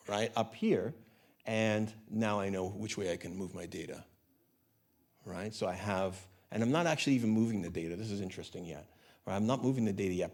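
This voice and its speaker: A man's voice: on the low side, a little mellow. Conversational man giving a talk. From Canada. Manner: conversational, many tag questions. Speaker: conference speaker. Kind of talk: conference talk. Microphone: handheld mic, hot gain.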